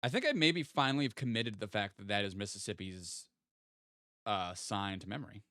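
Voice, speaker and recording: A man's voice: on the low side, lively intonation, fairly quick, pushed and bright, no room sound, studio quality. A man streaming a geography guessing game, thinking aloud and playfully teasing his chat as he goes. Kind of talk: casual live-stream game commentary.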